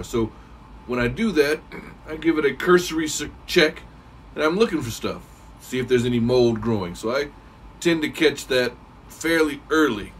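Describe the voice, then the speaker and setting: A man giving a casual, rambling how-to talk as a cigar reviewer, clearing his throat now and then. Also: mid-range voice, far from the mic, a little hiss or hum, poor audio.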